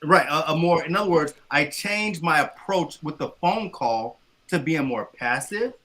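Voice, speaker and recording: A man's voice: a little high, animated, a little slow, pushed and bright. A man co-hosting a podcast in casual chat, arguing emphatically and stammering as he restarts his points. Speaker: podcast co-host.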